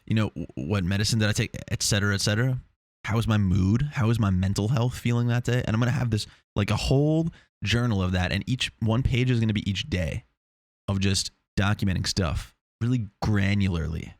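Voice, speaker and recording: A young man from Long Island, New York, hosts a casual solo podcast in a lowish, brisk voice, rambling, swearing, getting fired up, and restarting his sentences a lot. He's recorded at studio quality with a lav or shotgun mic in a small foam-treated home room, with no room sound.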